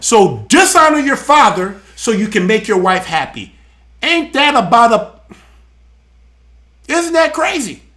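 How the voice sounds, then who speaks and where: A man's voice: extremely high pitch, very animated, unhurried, long pauses, pushed and bright. A man hosting a live show, preaching emphatically and animatedly on scripture, often repeating words. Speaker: show host and church elder.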